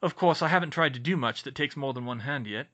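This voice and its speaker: A man's voice: mid-range voice, fast, fairly bright tone, lightly acted. A man doing a weary, good-natured young man. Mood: weary, friendly. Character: weary, injured but friendly young man.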